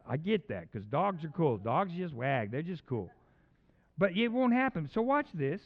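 A male pastor telling a personal story in a sermon, swinging between loud bursts and hushed asides. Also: fairly high pitch, big pitch swings, unhurried, muffled recording.

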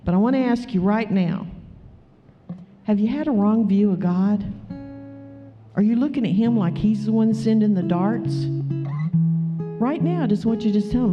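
A woman preaching a sermon to her church, animated and joking as she calls out to the crowd. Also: medium pitch, normal speed, pauses often. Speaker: pastor. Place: church hall. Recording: echoey hall, dull sound. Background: soft guitar music.

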